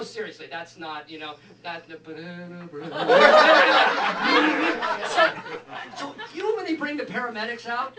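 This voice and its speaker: A man doing stand-up, telling a story with animated asides and acted-out quotes. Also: very high voice. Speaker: stand-up comedian. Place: live comedy venue. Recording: echoey room, far from mic, audience noise.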